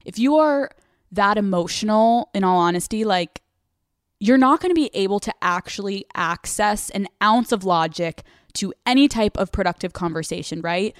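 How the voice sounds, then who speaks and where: A woman's voice: medium pitch, animated, normal speed, no echo, clean studio sound. Blunt, swearing young woman podcast host. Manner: blunt, profane, laughs mid-sentence. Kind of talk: casual advice monologue.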